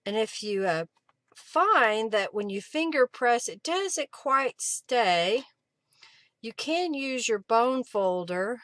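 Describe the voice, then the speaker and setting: A woman's voice: a little high, expressive, slow pace, a bit bright, no echo. A woman hosting a casual crafting live stream from her home craft room, chatting and thinking aloud as she works.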